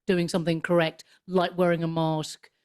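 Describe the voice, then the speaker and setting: Brief: woman in her fifties, podcast guest on a video call, lively delivery with mocking asides. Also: on the low side, normal speed. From United Kingdom. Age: 50s. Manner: animated, switches into mocking put-on voices. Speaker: podcast guest, comedian and author. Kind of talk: casual conversation.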